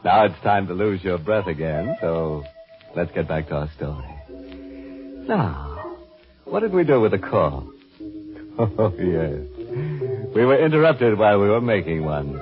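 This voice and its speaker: Sardonic horror host, very deep voice, old radio play, dull old recording with music. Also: male voice, sing-song, a little slow, pauses often. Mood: mocking. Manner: sardonic, relishing the macabre. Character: ghoulish male horror host, mocking and grim. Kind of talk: 1940s radio drama.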